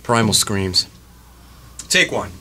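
A man's voice: lowish voice, lively intonation, slow pace, sharp tone. A man hosting a comedic radio show on a studio microphone, ranting in mock-melodramatic exasperation.

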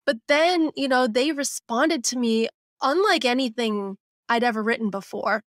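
A woman in her forties speaks as a podcast guest, her voice sitting a little high. She talks in a candid, reflective way and drops into quick quoted inner thoughts. The sound is close and dry, with no room around it. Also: dry recording. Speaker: guest, simplicity coach and author. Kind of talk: conversational podcast interview.

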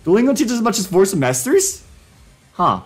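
A man's voice: high-pitched, big pitch swings, normal speed, breathy edge, faint music behind. A young man casually commenting on a live stream, joking around and reading prompts aloud. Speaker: livestreamer.

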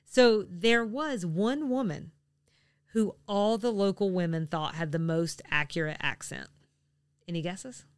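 A woman's voice: lowish voice, measured pace, clean tone, no room sound. A woman co-hosting a podcast in casual chat, chatty and a little apologetic, laughing often. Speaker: podcast co-host.

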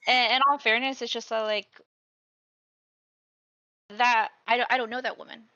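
A woman's voice: a little high, steady tone, normal speed, pushed and bright, no room sound, lo-fi sound. A woman on an online panel, hesitant and rambling, with lots of fillers. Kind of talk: casual panel discussion.

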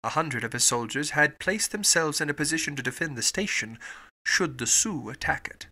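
A man narrating a classic novel as an audiobook, with an expressive storybook reading. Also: fairly high pitch, normal speed. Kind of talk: scripted narration.

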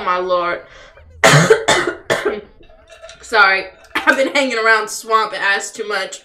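A woman's voice: medium pitch, takes it slowly, long pauses, sharp tone. A young woman giving casual, profane live commentary on a life-sim game and talking back at the characters. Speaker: livestreamer.

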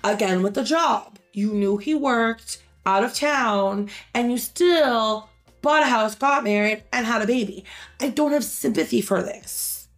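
Blunt woman with a gravelly voice. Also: fairly high pitch, a little slow, soft background music. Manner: blunt, opinionated, swears freely. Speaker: reaction video host. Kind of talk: reading and commenting on online posts.

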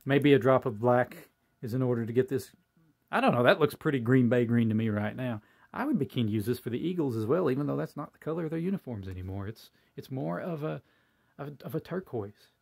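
A man's voice: medium pitch, animated, a little fast, vocal fry, darkish tone, breathy edge. A man hosting his own hobby channel, talking casually and ramblingly with lots of fillers, in a folksy, self-deprecating way. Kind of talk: casual talk to camera.

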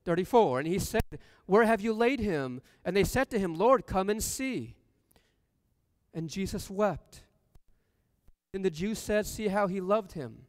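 High, smooth-voiced male preacher. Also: expressive, a little slow, no echo, big-room sound. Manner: reads scripture aloud, then asks the congregation questions. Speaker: pastor. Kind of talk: sermon. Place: church sanctuary.

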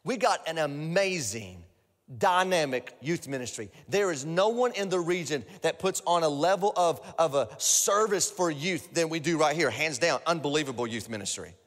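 A male pastor preaching a sermon, energetic and repetitive, building up to shouts. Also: on the high side, normal speed. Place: large church auditorium. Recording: echoey large hall.

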